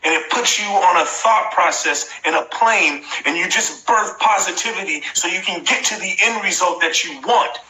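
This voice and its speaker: A man's voice: sits high, moderate pace, hardly any pauses, pushed and bright. A man in his forties giving a motivational live-stream talk, repeating phrases emphatically and coaching his viewers directly. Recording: echoey room.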